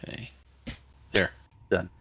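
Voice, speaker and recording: A man playing a tabletop game, deliberate, working out his moves and sums aloud. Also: bright, forceful tone, dry recording, muffled recording. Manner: slow, deliberate, adding up numbers aloud. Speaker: player. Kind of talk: casual tabletop play.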